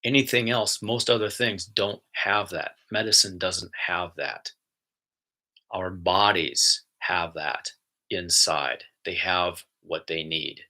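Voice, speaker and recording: A man with a low, bright and forceful voice, talking casually about wellness. He rambles earnestly, restarts his sentences and calls out to people who are watching. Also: takes it slowly. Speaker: wellness vlogger. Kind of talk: casual spoken monologue.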